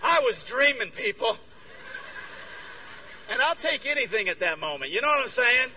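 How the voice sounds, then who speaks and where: A bright, forceful male preacher with a high, animated voice that leaps all over the place. He delivers an energetic sermon to a conference crowd, acting out little exchanges as he goes. The mic sits at a distance, with a faint hum behind him. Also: normal speed. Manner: energetic, acts out dialogue. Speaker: guest speaker. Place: conference room with audience.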